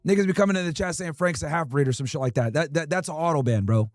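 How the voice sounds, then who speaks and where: Man, livestream host, brash and profane, high-pitched, dry close sound. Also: fast, no echo. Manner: brash, profane and animated, with repeated rhetorical questions. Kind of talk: casual livestream chat.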